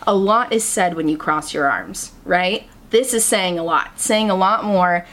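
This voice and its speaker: A young woman hosting a solo podcast, talking candidly and reflectively in a casual, chatty way. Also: a little slow. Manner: candid, reflective, chatty with fillers and lively pitch swings. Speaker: podcast host.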